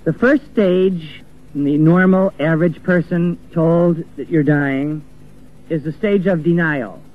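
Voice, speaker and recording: A man's voice: on the high side, slow. A man preaching an earnest sermon, acting out the voices of the people he quotes. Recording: tinny phone-like old recording with faint music.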